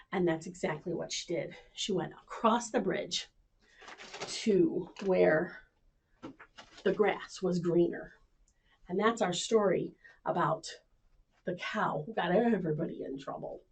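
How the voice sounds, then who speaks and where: A woman librarian telling stories to children at home, animated and inviting them to join in. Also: on the low side, a little slow, long pauses, breathy edge. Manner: animated, speaks to kids at home. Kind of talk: children's storytime reading.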